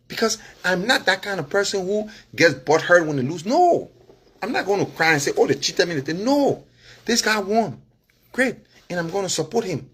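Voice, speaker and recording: A man with a Liberian English accent speaks straight to his followers in a loose, animated monologue. His voice sits a bit high and has a husky edge. He leans on "you understand?" and breaks into short chuckles. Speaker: political vlogger and former candidate.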